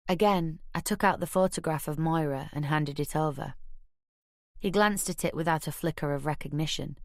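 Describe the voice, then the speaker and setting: A woman narrates a crime audiobook in the first person, measured and wry, recorded close on a studio mic. Her voice is low-pitched and the recording is dry.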